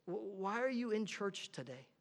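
Male pastor, high-pitched, casual sermon delivery with frequent word repeats. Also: big pitch swings, moderate pace. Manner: conversational, repeats words at the start of phrases. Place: church.

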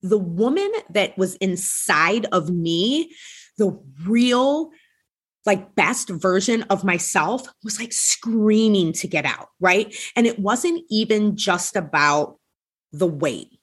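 A woman's voice: mid-range voice, lively intonation, slow, breathy edge. A woman hosting a podcast, telling a personal story in a candid, conversational way with many casual fillers. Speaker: podcast host.

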